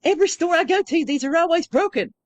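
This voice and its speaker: A woman voicing a male foreign truck driver who complains in a raised, higher voice. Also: expressive, fast talker, no room sound, dull audio. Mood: complaining.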